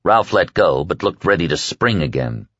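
A man narrating an audiobook in a measured, expressive reading. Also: low-pitched, breathy edge, no room sound. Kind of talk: scripted narration. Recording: dull lo-fi dry recording.

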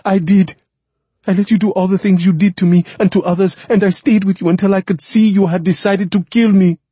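A man's voice: lowish voice, moderate pace, darkish tone, breathy edge, no room sound, pitched above the performer's own voice. A man voicing a grieving, proud woman who has lived for centuries, speaking bitterly in a story reading. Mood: pleading. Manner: bitter, pleading.

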